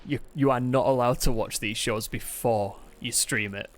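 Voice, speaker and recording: An Englishman with an accent somewhere between Manchester and Yorkshire chats casually to his live-stream audience, laughing often, in a mid-range voice with a steady tone at normal speed. He's at home in the middle of a move, using a desk mic with the camera on a temporary tripod.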